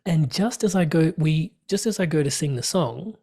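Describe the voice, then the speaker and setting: A man, a podcast guest, telling a personal story in conversation, animated and laughing often. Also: a little high, normal speed, gravelly, husky. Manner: animated, laughs often, acts out quoted dialogue.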